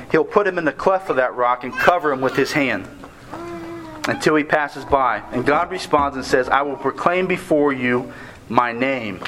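Guy giving a sermon, kinda high-ish voice, earnest and slow on the big words, little bit of hiss behind. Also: fairly bright tone, low-quality recording. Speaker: preacher.

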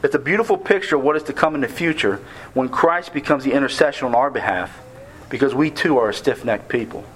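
A man preaching a sermon on a scripture passage, earnest and measured, slowing down to stress key words. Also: mid-range voice, a little hiss or hum, low-quality recording.

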